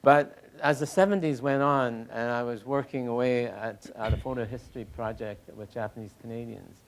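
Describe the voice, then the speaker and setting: Older man, halting reflective talk. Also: medium pitch, fairly even intonation, vocal fry. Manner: halting, many restarts, soft laughs. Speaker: poet and critic interviewee.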